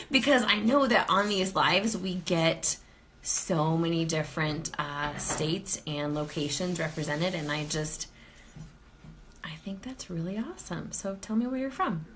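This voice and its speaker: A chatty woman hosting a live stream from her home, her fairly low voice rising and falling a great deal. Her tone is bright and forward, and she greets viewers one after another with quick laughs. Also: slight background noise. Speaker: host of a live sales stream. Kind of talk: casual live-stream chat. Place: home, near the kitchen.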